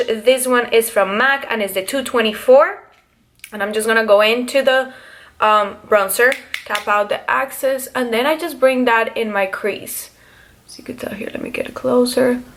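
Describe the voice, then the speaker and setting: A woman's voice: on the high side, gravelly, a bit bright. A young woman vlogger chatting casually through her makeup routine, explaining each step with plenty of fillers. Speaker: beauty vlogger.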